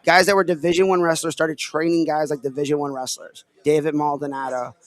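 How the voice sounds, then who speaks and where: A man's voice: fairly high pitch, little pitch movement, fairly quick. A man from Illinois hosting a casual podcast, talking in a rambling, filler-heavy way. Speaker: podcast host. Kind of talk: casual chat.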